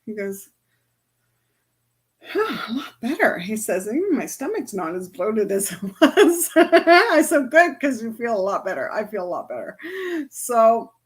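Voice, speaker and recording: A woman's voice: a little high, big pitch swings, moderate pace, slightly rough. A woman energy healer chatting casually to her followers, telling stories and laughing often.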